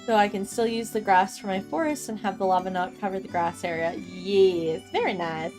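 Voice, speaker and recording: A woman in her thirties chatting casually with her chat while streaming a game, bubbly and quick to laugh. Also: mid-range voice, music in the background. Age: 30s. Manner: giggly and bubbly, laughs often.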